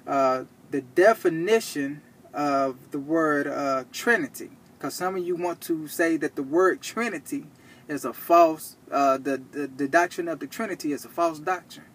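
A man teaching from the Bible, reading verses slowly and checking in with "okay?" after each point. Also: a little high, a bit bright, slight background noise. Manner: reads verses slowly and deliberately. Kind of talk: scripture teaching to camera.

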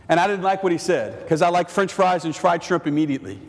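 A male priest preaching a sermon in an animated, joking way, acting out the voices he quotes. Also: sits high, fast. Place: church. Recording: long church reverb.

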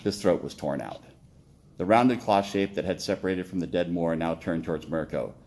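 A man reading his own story aloud, steady with occasional slips and self-corrections. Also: low-pitched, normal speed.

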